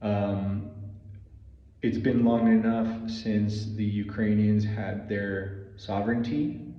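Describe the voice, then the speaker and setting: A man's voice: fairly low pitch, measured pace. A man ranting heatedly in a solo vlog, swearing often and stumbling over repeated restarts. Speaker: vlogger. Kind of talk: solo opinion rant to camera. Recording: echoey room, far from mic, dull lo-fi.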